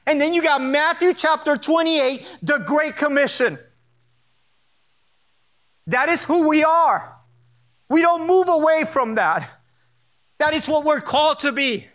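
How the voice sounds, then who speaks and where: A man's voice: very high voice, measured pace, pauses often, a bit bright. A male pastor preaching an earnest sermon to his congregation, stressing points through repetition and brief personal asides. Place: church sanctuary.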